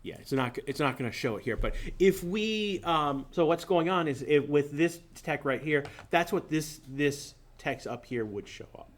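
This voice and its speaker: A male instructor from southern New England lectures his class in a loose, rambling style that keeps wandering off on tangents. His voice is a little high and expressive, at normal speed with few pauses.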